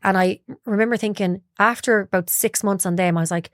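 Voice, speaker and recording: A woman's voice: medium pitch, fairly even intonation, brisk, dry recording, studio quality. A young woman speaking openly as an interview guest, telling her story and acting out what people said to her. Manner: open, confiding storyteller, acts out her own quotes. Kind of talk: candid personal interview. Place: podcast studio.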